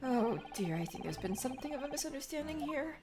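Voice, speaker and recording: A courteous young legal assistant speaks softly and formally, as a woman voices her. Her voice sits high and moves lively. Game music plays behind her. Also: fast talker. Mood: polite. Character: polite, gentle young Japanese woman assistant.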